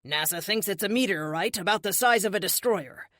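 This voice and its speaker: A woman voicing a brisk middle-aged male army major giving clipped, urgent orders. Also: mid-range voice, a bit bright, no room sound, clean studio sound, close to an everyday voice. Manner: urgent, clipped military talk.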